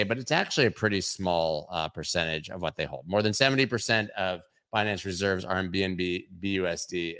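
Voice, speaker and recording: A man's voice: sits low, a bit bright, smooth. A man hosting a weekly crypto news review, talking casually and emphatically, often repeating words for stress.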